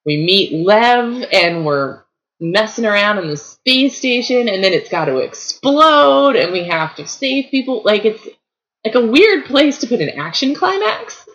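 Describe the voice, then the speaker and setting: A woman in her thirties co-hosting a casual movie chat, animated and full of fillers. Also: mid-range voice, a little slow, dull audio. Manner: animated, lots of fillers, acts out reactions. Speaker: podcast co-host.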